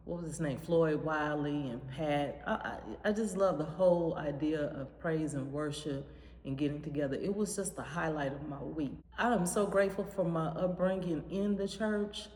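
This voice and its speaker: A woman with a very low voice fondly recalls the past in a relaxed, chatty interview, dotted with ums and uhs. Her words ring out with long reverb in a big, echoey room. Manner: fond, chatty, with frequent fillers. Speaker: former pastor's daughter. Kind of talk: reminiscing interview.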